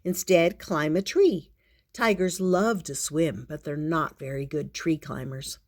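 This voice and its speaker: In a deep voice, an older woman portrays a grandmother telling stories. She works through a children's picture book aloud at an easy pace, reading with expression and playful asides.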